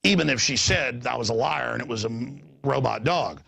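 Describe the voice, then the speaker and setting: A man hosting a show, talking in a rambling, animated way, stammering and repeating words. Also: mid-range voice, brisk, gravelly, slightly rough. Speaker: host. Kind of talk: rambling on-air chat. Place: studio in Austin.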